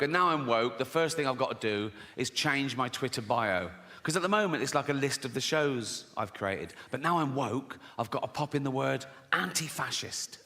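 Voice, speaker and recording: A man's voice: mid-range voice, moderate pace, bright, forceful tone, long reverb tail, slight background noise. A man telling stand-up stories, conversational and tagging lines with "right?". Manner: conversational, peppers lines with "right?", laughs at own jokes. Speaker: stand-up comedian. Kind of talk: stand-up storytelling.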